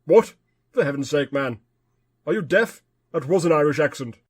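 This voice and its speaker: An actor playing a pompous, vain old stage actor who talks in an exasperated, theatrical way in a comedy sketch. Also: male voice, on the high side, lively intonation, normal speed, husky. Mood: haughty.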